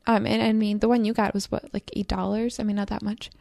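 Gravelly-voiced woman co-hosting a chat. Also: mid-range voice, level tone, fast talker, warm tone, dry recording, clean studio sound. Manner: musing, questioning, teasing. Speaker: podcast co-host. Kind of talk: casual chat.

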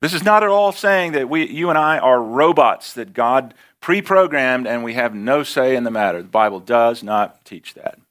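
American pastor guy preaching, medium voice, gets loud on key points then slows way down for the verses. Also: medium pitch. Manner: expressive preaching, rising for emphasis, slowing on scripture. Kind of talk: sermon.

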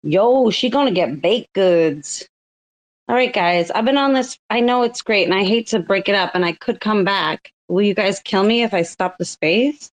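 A woman's voice: medium pitch, moderate pace, hardly any pauses. A woman in her thirties hosting a casual online audio chat, joking and laughing often. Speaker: space host.

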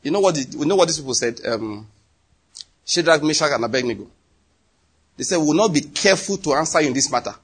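Man, Nigerian accent, sermon, husky voice, slightly high. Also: quick pace, pauses often. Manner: animated, emphatic, slips into acted quotes. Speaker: preacher.

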